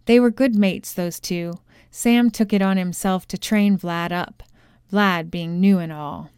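A woman voicing a gruff, bearded male head chef on the witness stand, with a gravelly voice and halting, mumbled answers, in a storybook reading. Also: mid-range voice, darkish tone, no room sound, studio quality, natural voice. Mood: defensive.

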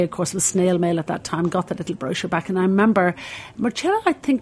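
A woman's voice: lowish voice, a little mellow. Rambling Irish woman recalling a career. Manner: rambling with many fillers and restarts. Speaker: cooking school founder, guest. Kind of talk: reflective anecdotal storytelling.

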